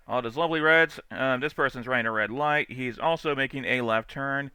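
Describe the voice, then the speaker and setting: A man talks through dash cam clips in a casual streamer way, chatty and quick to laugh or swear. His voice is bright and crisp. The sound is dry and close. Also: medium pitch, dry recording. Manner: chatty, laughs often, swears freely, mimics angry drivers. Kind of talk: casual live-stream commentary.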